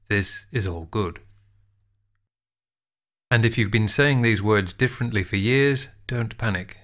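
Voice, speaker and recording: A man giving a scripted pronunciation tutorial, sounding out words slowly and carefully. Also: lowish voice, a bit bright. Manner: slow, careful, drawn-out enunciation. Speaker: instructor.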